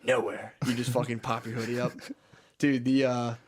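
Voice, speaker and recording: A man's voice: mid-range voice, flat delivery, moderate pace. A man co-hosting a podcast, telling a rambling, profane story in casual chat. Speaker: podcast co-host.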